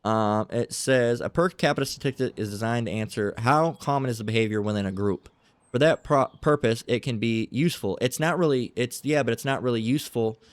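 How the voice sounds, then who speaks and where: A man's voice: medium pitch, brisk, no room sound. A man commentating and reading aloud in a combative way, repeating himself, swearing freely and keeping on asking "all right?". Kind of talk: heated commentary and bible reading.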